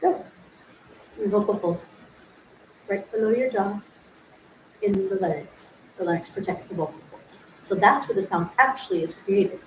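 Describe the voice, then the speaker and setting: A woman voice teacher gives an informal solo livestream lesson from a room, explaining patiently, posing rhetorical questions, and demonstrating sung syllables. Her voice is medium in pitch at a normal speed with long pauses. The room sounds echoey, with faint ambience and slight background noise.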